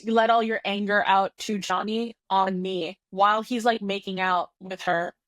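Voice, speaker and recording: A woman co-hosting a casual podcast chat, talking in an animated, exasperated way and swearing often. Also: medium pitch, normal speed, dry recording. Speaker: podcast co-host.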